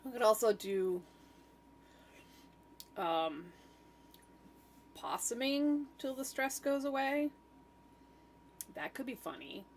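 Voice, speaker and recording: A woman's voice: on the high side, lively intonation, slow, pauses often, slight background noise. A woman chatting casually while she makes art, thinking aloud with trailing fillers and self-talk. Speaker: art streamer. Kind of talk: rambling casual chat while designing.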